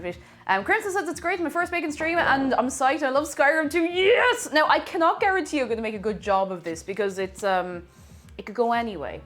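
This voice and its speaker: A playful woman with a lilt chats away on a live stream, calling out viewers by name and teasing them. Her voice sits a little on the high side, recorded in a home kitchen with faint music running underneath. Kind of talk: casual live-stream chat.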